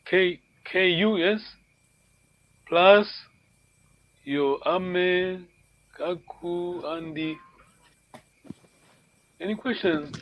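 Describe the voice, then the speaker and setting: A man's voice: high voice, very slow, long pauses, muffled recording. A male language teacher giving an online lesson over a video call, patient and encouraging, often repeating words.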